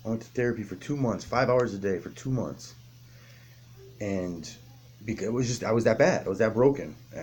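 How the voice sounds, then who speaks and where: A man with a low, deep voice tells his recovery story plainly and bluntly. He swears freely and stumbles into restarts, and a faint hum of room noise sits behind him. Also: warm tone. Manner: raw, blunt, heavy swearing, halting restarts. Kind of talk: candid personal recovery story.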